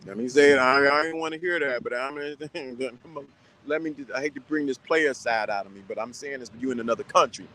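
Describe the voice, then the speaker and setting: A man's voice: medium pitch, a little fast, bright, forceful tone, slight background noise, poor audio. A man giving casual advice to viewers, talking sternly and repeating his points with lots of restarts. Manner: rambling with many restarts.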